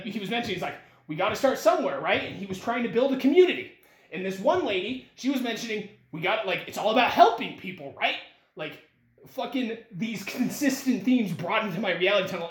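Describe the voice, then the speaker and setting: A man in his twenties talking rambly and excitedly with his father, swearing a lot and saying "like" often. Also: high voice. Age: 20s. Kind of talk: casual heart-to-heart conversation. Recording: roomy echo with faint noise.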